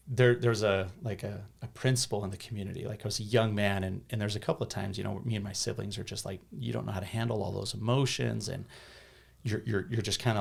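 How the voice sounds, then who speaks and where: An American man in his thirties, appearing as a podcast guest, earnestly tells a personal story in casual talk full of restarts and repeated words. His voice is gravelly and on the low side, captured on a podcast studio microphone.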